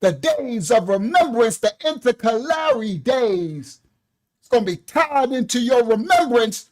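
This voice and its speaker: A man's voice: very high voice, animated, a little slow. A man giving a livestreamed scripture lesson as a Bible teacher, speaking fervently, calling out exclamations and breaking into laughter, into his own desk microphone.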